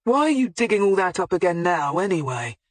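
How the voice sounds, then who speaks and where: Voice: medium pitch, sing-song, fairly quick, dry recording. An audiobook narrator voicing a defensive, coarse-spoken middle-aged male butcher being questioned by police, in blunt colloquial speech. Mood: wary. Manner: blunt colloquial working-class talk.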